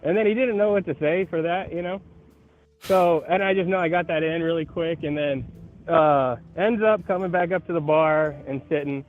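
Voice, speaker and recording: A man's voice: fairly high pitch, normal speed, soft background music. Chatty man calling in on a tinny phone line. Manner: animated, acts out the voices of people in his story. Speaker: caller. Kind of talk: casual phone-in storytelling. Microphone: phone call.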